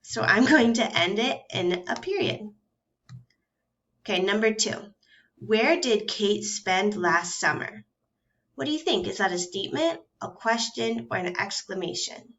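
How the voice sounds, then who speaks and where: Woman teacher talking slow n clear to little kids, spelling out letters, kinda muffled lo-fi sound. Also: medium pitch, lively intonation, fairly bright tone. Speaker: first grade teacher. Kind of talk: recorded phonics and grammar lesson for young children.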